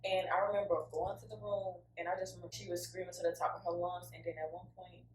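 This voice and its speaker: A woman's voice: on the low side, flat delivery, fast talker. A woman co-hosting a podcast, telling her own story in a candid, emotional, informal way with lots of fillers. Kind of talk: casual heartfelt podcast chat. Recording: echoey room, mic at a distance, faint hum.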